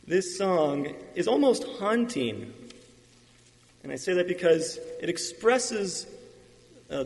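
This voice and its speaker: An earnest male pastor delivers his sermon in a slightly raised voice, pausing and restarting as he gathers his thoughts. The sound carries a long hall reverb, as if captured in a large church sanctuary. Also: on the high side, darkish tone. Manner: earnest, halting with restarts and fillers.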